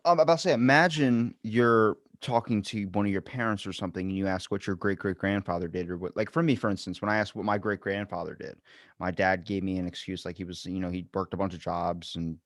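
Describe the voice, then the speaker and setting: Male podcast host, low voice, dry close sound, lively chat that spikes up when quoting people. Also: brisk, dry recording. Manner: animated, jumps high when acting out exchanges. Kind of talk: casual conversation.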